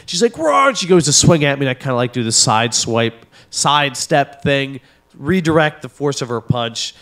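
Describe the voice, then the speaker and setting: A man's voice: mid-range voice, moderate pace. A man hosting a podcast, telling a profane story in casual chat and acting out the voices in it. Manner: animated, profane, acts out voices in his story. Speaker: podcast host.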